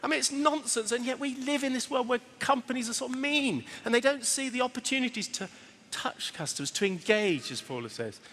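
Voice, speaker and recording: Animated man speaking in a hall. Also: very high-pitched, fairly quick. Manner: animated, acts out quoted voices. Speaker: retail speaker. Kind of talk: lively seminar talk to an audience.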